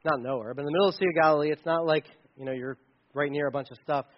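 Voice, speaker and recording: High-voiced man preaching a casual sermon. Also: racing, muffled recording. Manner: conversational, animated with playful asides. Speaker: pastor.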